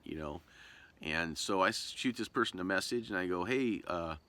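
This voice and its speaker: Rambling low-voiced man telling a story. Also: bright, forceful tone. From Southern Oregon. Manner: rambling, many fillers and restarts. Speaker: vlogger. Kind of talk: casual storytelling.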